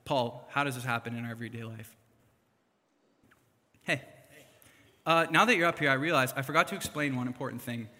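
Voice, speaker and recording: A young man preaching a casual sermon, chatty and animated, with fillers and asides. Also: mid-range voice, a little fast, long pauses. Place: church hall. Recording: long hall reverb.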